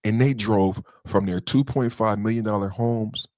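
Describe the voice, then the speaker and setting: A podcast host with a lowish, slightly mellow voice talks at a moderate pace in heated, profane livestream commentary. He gets emotional, keeps circling back to the same points, and addresses chat commenters directly. The recording is close and dry, with no room sound.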